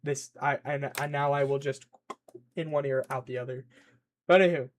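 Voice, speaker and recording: A man chatting casually on a stream in an excitable, rambling way, reacting to chat and scolding his pet. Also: mid-range voice, moderate pace, a little hiss or hum.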